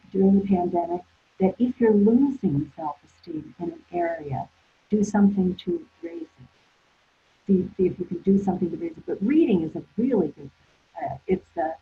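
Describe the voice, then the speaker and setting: A woman's voice: mid-range voice, slight background noise. A woman therapist guest telling stories in a rambling way, full of restarts. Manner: rambling, with many restarts and fillers. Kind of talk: conversational storytelling. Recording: tinny phone-like line.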